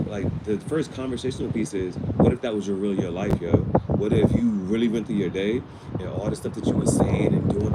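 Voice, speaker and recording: A man's voice: medium pitch, heavy background noise. A man casually recapping a TV episode in slangy, rambling speech with many restarts. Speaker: vlogger.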